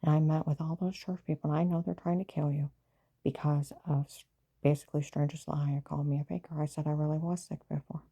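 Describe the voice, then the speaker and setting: Woman, low gravelly voice, flat dark husky tone, rambling agitated personal account. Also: a little fast. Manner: agitated, jumps between events, often quotes others. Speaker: vlogger telling her own story.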